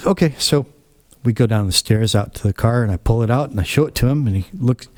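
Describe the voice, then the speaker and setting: A man's voice: medium pitch, fast, darkish tone, no room sound, studio quality. A man hosting his own channel, telling a casual story in a rambling, blunt and opinionated way. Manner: rambling, acts out quoted dialogue. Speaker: channel host.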